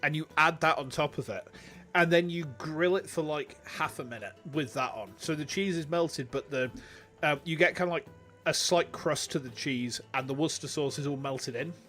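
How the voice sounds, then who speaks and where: An English man streaming a video game, chatting casually in an animated, rambling, jokey way. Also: fairly high pitch, normal speed, faint music behind.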